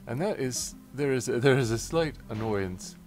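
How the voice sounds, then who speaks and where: A man's voice: mid-range voice, expressive, moderate pace, a little mellow, faint music behind. A man giving playful game commentary while reading dialogue aloud. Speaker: let's player.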